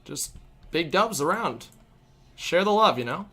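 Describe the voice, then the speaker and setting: A young man hosting a live hockey stream, calling plays excitedly and chatting casually with viewers. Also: fairly high pitch, measured pace. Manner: excitable, shouts at big plays, chats with viewers. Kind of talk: hockey play-by-play and chat.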